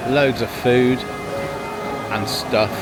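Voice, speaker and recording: A man narrates his travel vlog casually while tasting food at a busy outdoor market, using dry, understated humour. His voice is medium-pitched with fairly even intonation and drawn-out words, and loud crowd noise and music play behind him.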